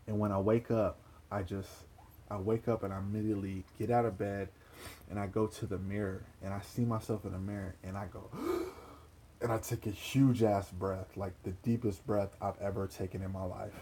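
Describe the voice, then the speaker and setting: A young man casually telling a personal story, animated and profane, repeating himself and laughing. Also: on the low side, brisk, breathy edge. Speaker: vlogger.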